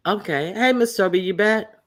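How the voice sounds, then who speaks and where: A man's voice: high voice, normal speed, a bit bright. A man hosting a casual livestream, talking loosely with many fillers and restarts. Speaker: livestream host.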